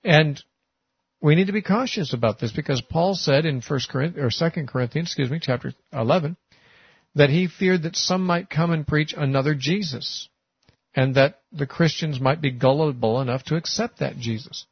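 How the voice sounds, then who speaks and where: A man's voice: fairly high pitch, normal speed, slightly rough, dry recording. A man giving a sermon-style Bible teaching, talking conversationally with frequent "uh" and "you know". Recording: muffled, lo-fi recording.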